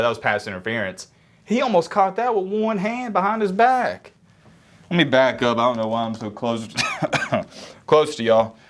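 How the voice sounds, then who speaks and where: A young man with a cold giving casual, low-energy sports commentary to camera, sometimes moving away from the mic. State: sick, congested. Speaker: sports reaction YouTuber.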